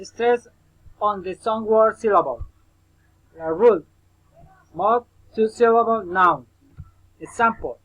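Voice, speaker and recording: A man teaching a recorded English pronunciation lesson, drilling example words slowly and repeatedly and addressing the listener as his student. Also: high voice, a bit bright, slightly rough, low-quality recording.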